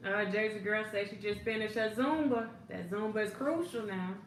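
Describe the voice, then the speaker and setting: A woman life coach runs a casual livestream in a mid-range voice at a moderate pace, greeting viewers by name with lots of ums and laughs. The room echoes, and there's faint background noise.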